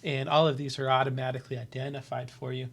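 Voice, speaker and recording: A man hosting a webinar, reading out viewer questions and demonstrating software in a casual, upbeat way with many fillers. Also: mid-range voice, little pitch movement, fast talker, creaky. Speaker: webinar host.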